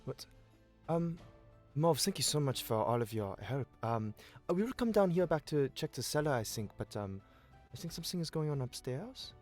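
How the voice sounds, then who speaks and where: A man playing a tabletop game, talking in a casual, brisk way. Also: a little high, sing-song, darkish tone, faint music behind. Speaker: player.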